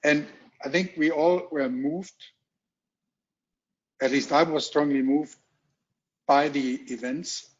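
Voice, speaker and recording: A middle-aged man from Germany with a strong German accent, giving a keynote at a virtual roundtable in a halting, measured way with many ums, heard over muffled video call audio. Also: on the high side, fairly even intonation. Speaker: corporate executive keynote speaker. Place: home or office on a video call. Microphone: video call mic.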